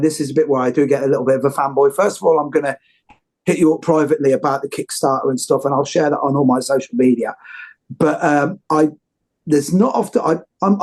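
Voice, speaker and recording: A man's voice: on the high side, a little mellow. A man hosting an interview, talking effusively and rambling with many restarts. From United Kingdom. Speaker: host. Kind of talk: casual interview chat.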